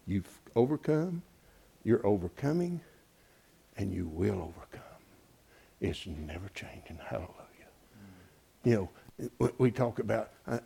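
Man preaching a sermon, gravelly, with a swooping delivery, folksy and animated. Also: lowish voice. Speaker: pastor.

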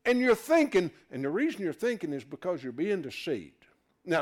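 Lively preacher with a swinging voice. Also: male voice, high-pitched, a little fast. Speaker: preacher teaching a congregation. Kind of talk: sermon.

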